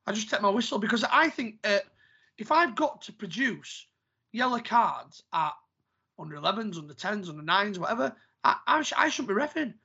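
A man co-hosting a casual football podcast, excitable and quick to react, swearing casually as he talks about refereeing kids' games. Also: sits high, vocal fry, husky, highs cut off.

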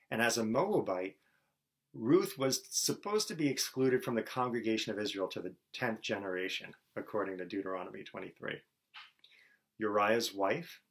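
A man giving a teaching sermon, explaining things step by step with lively rhetorical asides. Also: fairly low pitch. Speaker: preacher.

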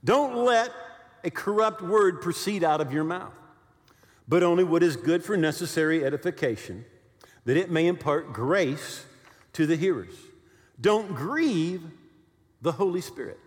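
A man in his sixties preaches in a church hall with a long reverb. His voice sits fairly high and swings up and down as he tells stories and keeps checking in with his listeners. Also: a little slow. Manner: animated storytelling with many "right?" check-ins. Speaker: pastor. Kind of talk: sermon.

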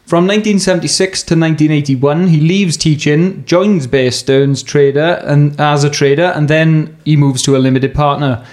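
Man, podcast host, slightly high voice, crude jokey chat, lots of uhs. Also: fairly even intonation, moderate pace, hardly any pauses, a little mellow. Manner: crude, jokey storytelling with many fillers.

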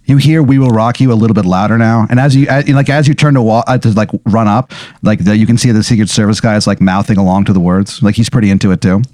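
A man with a fairly low voice, narrating an improvised comedic tabletop-style scene. He talks casually and rambles, with plenty of fillers and swearing. The recording is dry and close. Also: fairly even intonation, quick pace, darkish tone, no room sound. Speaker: game master.

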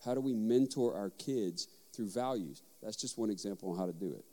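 A man, a father of young children, giving a sermon on parenting with lively storytelling and acted-out dialogue. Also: fairly low pitch, fairly quick, in a large hall. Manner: animated storytelling, acting out dialogue. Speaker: pastor.

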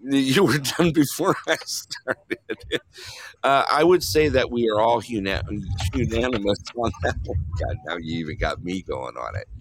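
Joking talk-show host man, lively voice. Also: medium pitch, moderate pace. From New York. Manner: laughs often, loose and joking. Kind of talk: casual live show chat.

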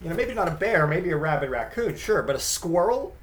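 A man in his thirties hosting a casual monologue, rambling with many halting restarts. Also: on the high side, sing-song.

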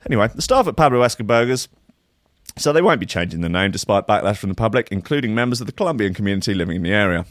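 A man's voice: fairly low pitch, lively intonation, racing, dry recording, studio quality. A man hosting a show, reading out a news story and mocking it with sarcastic, swearing asides. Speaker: radio show host. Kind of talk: casual comedic news chat.

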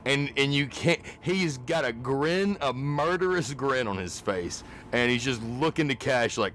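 A man playing a tabletop game, excitable and enthusiastic. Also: medium pitch, a little slow, slight background noise. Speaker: player.

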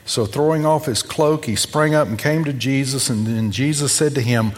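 A man preaching a sermon, telling a gospel story and acting out its voices, moving between loud and hushed. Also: mid-range voice, normal speed. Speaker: pastor. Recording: long reverb of a hall.

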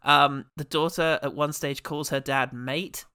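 A man hosting a podcast in casual chat, laughing often and trailing off quietly at the ends of lines. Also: on the high side, fairly even intonation, measured pace, clean tone, dry recording, studio quality. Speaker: podcast host.

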